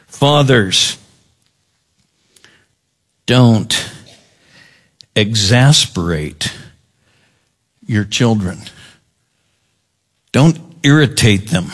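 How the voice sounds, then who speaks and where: Slow, deliberate male preacher. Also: medium pitch, fairly bright tone. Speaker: pastor. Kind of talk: sermon.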